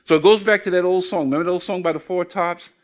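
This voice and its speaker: High-voiced and fast, with fairly even intonation, an older man preaches a sermon as pastor. He asks the congregation questions and tells folksy stories, performing the voices of quoted people.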